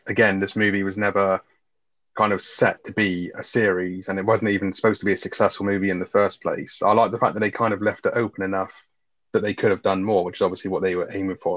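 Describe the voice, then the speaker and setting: A man with a fast, casual and sweary way of talking, reviewing a film with a co-host. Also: sits low, fairly bright tone, no room sound. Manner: swears freely, retells scenes with quoted lines. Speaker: podcast co-host.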